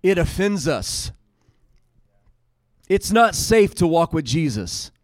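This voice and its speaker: A man's voice: on the high side, big pitch swings, takes it slowly, no echo. A man preaching a sermon, retelling scripture in casual paraphrase and building to emphatic peaks.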